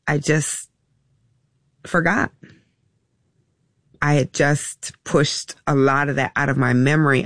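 A woman, a mother being interviewed, telling a personal story in a halting, reflective way with many pauses and restarts. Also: low-pitched, creaky, no echo, clean studio sound.

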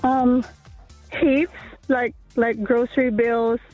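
A woman's voice: on the high side, little pitch movement, takes it slowly, soft background music. A woman calling in to a radio show, tearful and rambling with fillers. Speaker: radio caller. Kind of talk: phone-in call. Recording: dull phone line.

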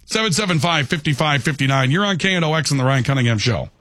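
A man's voice: a little high, lively intonation, fast, a bit bright. A man hosting a call-in radio talk show, talking conversationally and peppering his points with "okay".

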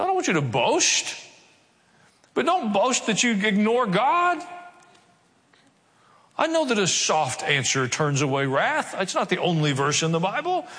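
A man's voice: extremely high pitch, bright, forceful tone. A male pastor preaching a sermon, mixing wry jokes with dramatic emphasis. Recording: long hall reverb.

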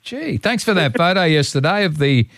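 A man's voice: fairly high pitch, expressive, normal speed, fairly bright tone, no echo. A man with an Australian accent hosting breakfast radio, chatting and joking with a caller. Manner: chatty, jokey banter. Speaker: radio host. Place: radio studio. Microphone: studio microphone.

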